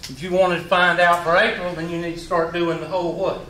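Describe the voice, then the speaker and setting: A man's voice: sits high, level tone, fairly quick, sharp tone, a little hiss or hum. A man in his forties with a Southern US accent, a math teacher giving a folksy classroom lecture and quizzing his students. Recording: roomy classroom, mic far away.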